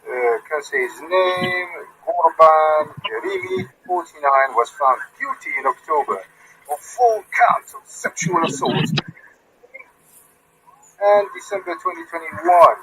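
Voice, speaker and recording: Chatty, animated man telling a story. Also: on the high side, slow, a little hiss or hum, poor audio. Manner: chatty storyteller, frequent uh fillers. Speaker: vlogger, channel host. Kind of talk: casual walking commentary.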